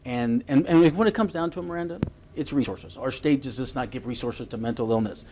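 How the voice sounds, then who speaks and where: A man's voice: medium pitch, a little fast, a little mellow, a little hiss or hum. A man hosting a panel discussion, asking casual, probing, rambling questions. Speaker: talk show host.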